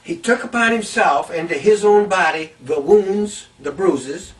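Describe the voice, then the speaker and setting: A man's voice: high voice, unhurried, far from the mic, rough recording. A man preaching a Bible teaching sermon, reading scripture aloud and repeating key phrases to stress them.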